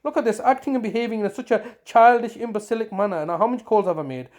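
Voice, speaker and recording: A man recording himself making phone calls, alternating sharp repeated hellos with an indignant, accusing monologue that stumbles over its words. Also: high-pitched, quick pace. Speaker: vlogger recording his own phone calls.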